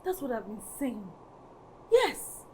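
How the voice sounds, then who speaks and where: A woman's voice: fairly high pitch, sing-song, slow pace, warm tone, slight background noise. An actress playing a jealous, petulant young daughter with a Nigerian accent, complaining to her mother. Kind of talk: Nollywood film acting.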